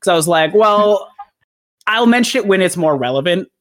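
A man's voice: sits high, expressive, normal speed, fairly bright tone. A man hosting a podcast, giggly and defensive as he explains his story in casual chat. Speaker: podcast host telling a story.

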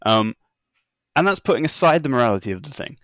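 A man's voice: mid-range voice, big pitch swings, fast, a bit bright, no room sound. An exasperated man co-hosting a football podcast. He rambles in a sardonic tone, and his voice sits in a middle register. The sound is dry, close to the mic. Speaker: podcast co-host. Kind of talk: casual football chat.

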